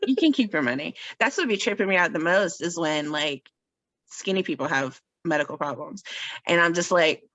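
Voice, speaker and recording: A woman's voice: on the low side, animated, normal speed, fairly bright tone, no echo, highs cut off. Chatty self-mocking woman, dry sound. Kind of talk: casual chat. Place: podcast recording.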